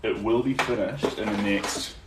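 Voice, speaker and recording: A man's voice: lowish voice, normal speed. A young man with a New Zealand accent, chatting casually and answering viewers while painting during a live stream. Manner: relaxed and chatty, many ums, answers viewer comments. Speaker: artist livestreaming a painting session. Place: indoor art studio. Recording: roomy echo, distant from the mic, faint background noise.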